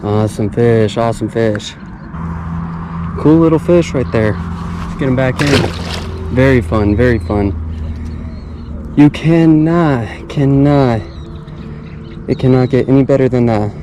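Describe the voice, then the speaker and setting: Out at a pond with his action camera, this young fishing vlogger gives relaxed, chatty commentary and says the same things over and over. He speaks slowly at medium pitch with frequent pauses, against background noise.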